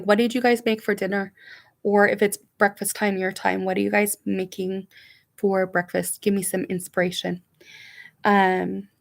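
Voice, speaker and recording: A woman hosts a casual livestream, talking straight to her viewers. She reads their comments aloud and answers each one in a chatty, sympathetic way. Her voice has a gravelly edge and sits at an ordinary pitch. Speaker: vlog host reading live chat.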